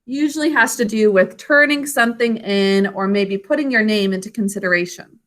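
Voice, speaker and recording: A woman teaching an online spelling and grammar lesson over a video call, slow, clear and encouraging as she sounds out words. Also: on the high side, pushed and bright.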